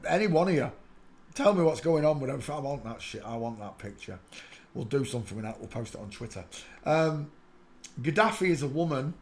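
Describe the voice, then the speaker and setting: A man hosting a live stream, giving casual, mocking running commentary on pictures and greeting viewers by name. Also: a little hiss or hum. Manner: excitable, breaks into loud high laughter. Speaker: livestream host.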